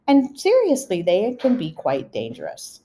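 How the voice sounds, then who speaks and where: A woman's voice: mid-range voice, huge pitch swings, measured pace, dark tone, slight background noise. A middle-aged woman hosting a podcast, telling family stories in a chatty, casual way with laughing asides. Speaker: podcast host. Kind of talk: casual storytelling.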